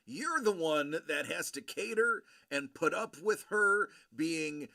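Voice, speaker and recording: A man hosting a livestream, chatting casually with viewers in a rambling, friendly way full of fillers and shout-outs. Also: fairly high pitch, animated, slow, creaky. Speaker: livestream host.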